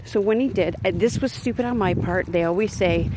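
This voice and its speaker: A woman's voice: medium pitch, brisk. A woman vlogger and crisis worker, ranting indignantly to a handheld phone while walking her dog on a neighborhood street, rambling with many restarts. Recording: outdoor street noise.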